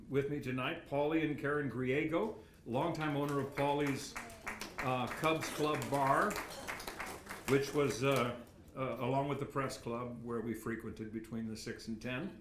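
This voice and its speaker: An older man, a retired sportscaster, giving a rambling, self-deprecating acceptance speech with many anecdotes and chuckles at a podium microphone. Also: mid-range voice. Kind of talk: after-dinner acceptance speech. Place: banquet hall. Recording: echoey hall with faint room noise.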